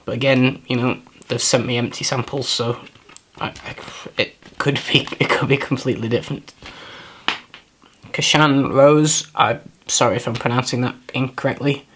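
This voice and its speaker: A man's voice: mid-range voice, steady tone, normal speed, fairly bright tone, slightly rough. A man giving a casual, first-impressions review of perfumes, talking in a thoughtful, hesitant way, often repeating words as he searches for them and apologizing for himself. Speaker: fragrance reviewer.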